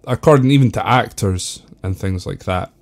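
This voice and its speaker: A Scottish man hosting a podcast alone, talking casually and rambling with lots of fillers. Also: normal speed. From Scotland. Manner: rambling, many fillers, lively swings in pitch. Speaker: podcast host. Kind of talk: casual solo podcast talk.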